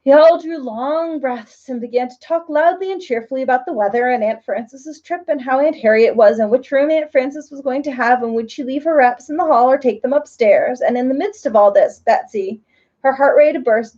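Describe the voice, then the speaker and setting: A woman reading a children's story aloud, gently and slowly with expressive phrasing. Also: high voice, highs cut off.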